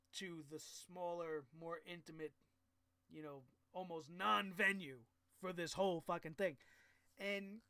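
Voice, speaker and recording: A man's voice: high voice, sharp tone, clear, resonant tone, no echo. A man recapping a wrestling show in a casual, profane and exasperated rant, full of sarcasm.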